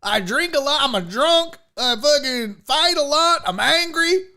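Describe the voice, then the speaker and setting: A man putting on a brash, hard-drinking, brawling buddy who boasts and gets outraged, in a shouty, indignant voice. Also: very high voice, lively intonation, measured pace, pitched above the performer's own voice, full character voice. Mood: boastful. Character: brash boozy brawling young man, proud and angry.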